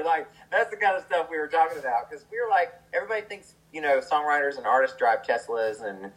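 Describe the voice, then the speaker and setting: A man's voice: a little high, lively intonation, fast, hardly any pauses, fairly bright tone, rough recording. A man, a songwriter, telling a story in a casual, chatty way, with lots of fillers and the odd laugh.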